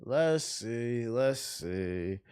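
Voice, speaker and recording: A man streaming a game live, shouting with excitement, swearing and talking to his chat. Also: mid-range voice, drawn-out words, clear, resonant tone.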